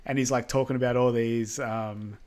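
A man's voice: mid-range voice, steady tone, moderate pace, darkish tone. A man co-hosting a podcast, casually recapping a film with many ums and quoted lines. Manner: rambling, lots of ums and likes, quotes characters. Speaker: podcast co-host.

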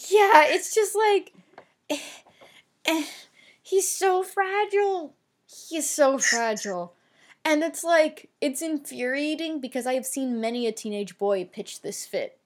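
A woman co-hosting a casual TV recap podcast, talking in an animated way with frequent swearing and filler words. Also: high-pitched, a little slow. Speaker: podcast co-host.

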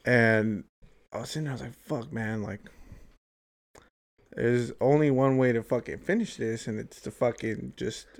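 A man's voice: medium pitch, moderate pace, creaky, long pauses. A young adult man telling a long story in casual chat, rambling and swearing freely, saying "like" and "dude" often. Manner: profane, rambling, heavy use of "like" and "dude".

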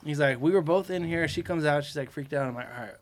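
Animated man telling a spooky story. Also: fairly high pitch, fast talker. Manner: animated storyteller, acts out quotes. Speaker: podcast host. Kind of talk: casual storytelling. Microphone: podcast mic in a garage.

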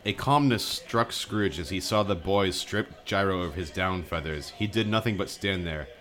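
A man co-hosting a casual comedy podcast, reading a story aloud and reacting with animated, casual chat. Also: low voice, normal speed.

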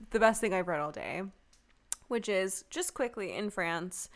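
A woman's voice: medium pitch, a bit bright. A young adult woman co-hosting a podcast, chatting casually in a frank, joking way and swearing freely. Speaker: podcast co-host. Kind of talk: casual chat.

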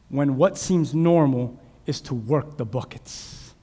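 A man preaching a sermon, animated, acting out shouted voices from Bible stories. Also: medium pitch, slow pace, few pauses. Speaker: pastor. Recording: long hall reverb.

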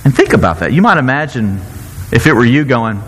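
A man preaching a sermon in an animated, playful way, often breaking off and restarting his sentences. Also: mid-range voice, a little fast, big-room sound, poor audio. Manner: animated, self-interrupting, playful asides. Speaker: pastor.

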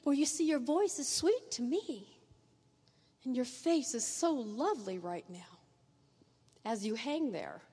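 A woman's voice: sits high, lively intonation, a little slow, pauses often, mellow, husky. A woman preaching a sermon, earnest, painting vivid pictures and speaking straight to her listeners. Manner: earnest, vivid second-person imagery. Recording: echoey hall reverb.

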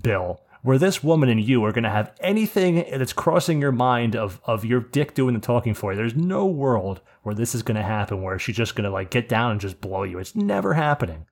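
A man's voice: mid-range voice, very animated, fairly quick, few pauses. A man, co-hosting a casual podcast, telling stories animatedly and swearing a lot as he gets worked up. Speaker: podcast co-host.

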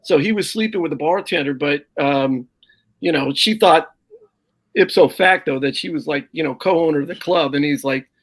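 A middle-aged man, a stand-up comedian, telling animated, salty road stories in casual conversation. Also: a little high, moderate pace. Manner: animated anecdote with profanity and quoted voices. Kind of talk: casual storytelling on a podcast.

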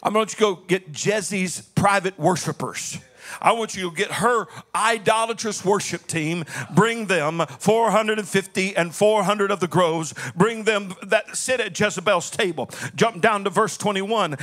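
A man preaching a sermon in a very high, bright voice. He is dramatic and folksy, rising to shouts, then dropping low and quiet as he tells the story and calls out to the congregation. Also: measured pace. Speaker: pastor.

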